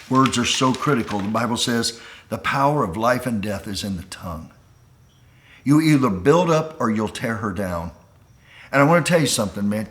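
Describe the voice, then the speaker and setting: A pastor preaching to men on a call, pleading and impassioned, dropping quiet and then rising to a near shout. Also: male voice, lowish voice.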